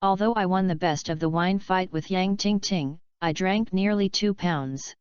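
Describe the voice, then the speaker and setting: A woman's voice: fairly low pitch, moderate pace, smooth, dry recording, close to an everyday voice. A woman reading the lines of a caring, awkward young man in an audiobook, in her own plain voice. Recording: dull lo-fi dry recording.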